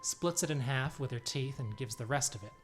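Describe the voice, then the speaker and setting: A man narrates a tabletop game as game master, telling the scene in a relaxed, descriptive way. His voice sits at an ordinary pitch for a man, with faint music playing behind him. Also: a little fast.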